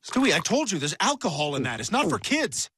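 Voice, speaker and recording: A man's voice: sits high, big pitch swings, fairly quick, fairly bright tone, slightly rough, heavily acted. A man voicing a tired talking dog who answers in a dry, exasperated way. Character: weary talking family dog.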